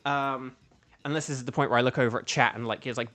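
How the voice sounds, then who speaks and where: A man who voices games, streaming a game and chatting casually, thinking aloud and breaking into loud playful outcries. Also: medium pitch, steady tone, fast talker. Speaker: streamer and voice actor.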